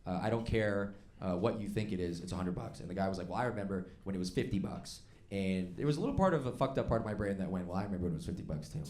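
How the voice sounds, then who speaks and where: A man doing stand-up storytelling on stage, animated and laughing along as he acts out the voices in his story. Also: deep voice, rapid-fire, few pauses. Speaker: stand-up comedian. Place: comedy club stage before a live audience. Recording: stage mic with loud crowd laughter.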